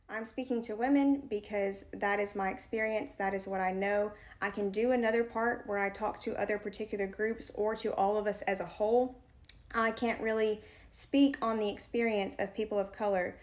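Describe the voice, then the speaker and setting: Woman talking to camera, earnest and reassuring, normal pitch. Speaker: vlogger. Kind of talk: direct-to-camera advice vlog.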